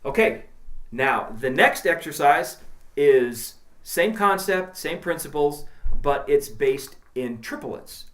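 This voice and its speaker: A man gives a drum lesson in a plain, practical way, counting the beats aloud. His voice carries a noticeable room echo. Drum taps and metronome clicks sound clearly behind him. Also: a little high, animated, slow, a little hiss or hum. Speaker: drum teacher. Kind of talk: instructional talk with counting along.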